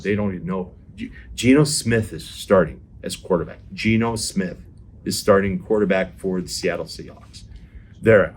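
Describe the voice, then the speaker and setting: Excitable man giving football picks. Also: on the low side, husky. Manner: excitable, addresses viewers directly, repeats himself. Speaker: NFL show host and analyst. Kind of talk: sports predictions monologue.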